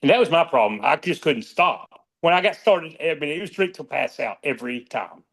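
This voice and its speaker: A man's voice: fairly high pitch, animated, brisk, gravelly, fairly bright tone, husky. A middle-aged man, author and podcast guest, talking candidly and rambling with frequent restarts. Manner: rambling, restarts often, emotional about friends. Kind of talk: candid conversational interview.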